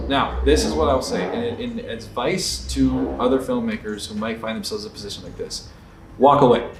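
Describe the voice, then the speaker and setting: A man's voice: medium pitch, steady tone, a little fast, noisy background. A man, an indie filmmaker, giving candid advice in a blunt, profane, emphatic storytelling manner. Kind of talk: candid advice rant to camera. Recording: echoey room, distant mic, faint ambience.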